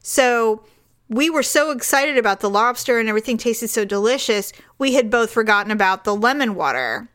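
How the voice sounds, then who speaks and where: A woman podcast co-host from California, chatting casually and telling a story with lively acted-out voices. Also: a little high, a little fast. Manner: animated, acts out voices in anecdotes.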